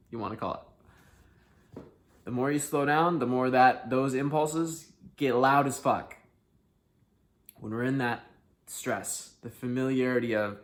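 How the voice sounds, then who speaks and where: A man hosting a self-help video, talking candidly to the camera, swinging between hushed sincerity and loud, emphatic outbursts and swearing freely. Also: mid-range voice, unhurried, long pauses.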